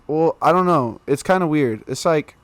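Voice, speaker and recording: A young man telling a story as a podcast guest in a casual, animated way, laughing through the funny parts. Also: a little high, moderate pace, no room sound.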